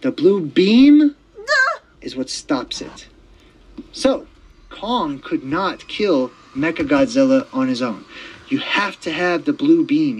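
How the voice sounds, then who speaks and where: A man hosting his own podcast, talking in a rambling, excitable casual monologue full of fillers and restarts. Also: medium pitch, dull audio. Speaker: podcast host.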